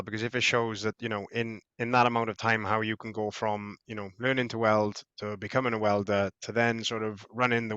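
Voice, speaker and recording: A man's voice: fairly low pitch, a bit bright, dry recording. A man hosting a podcast interview, agreeing with his guest and summing up his points in casual chat. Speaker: podcast host. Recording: dull lo-fi sound.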